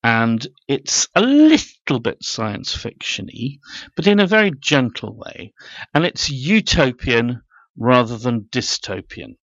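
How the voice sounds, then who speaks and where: A man co-hosting a book podcast, summing up a plot casually with quick asides. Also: mid-range voice, very animated, fairly bright tone, no room sound. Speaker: podcast co-host. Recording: dry, muffled recording.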